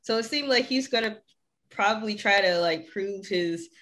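A woman's voice: mid-range voice, moderate pace, a bit bright. A woman co-hosting a casual chat, laid-back, laughing often and trailing off mid-sentence. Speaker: co-host.

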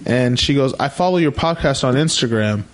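A man's voice: medium pitch, expressive, fairly quick. Young man telling a rambling anecdote. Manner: rambling anecdotes with quoted voices. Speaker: podcast co-host. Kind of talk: casual storytelling chat.

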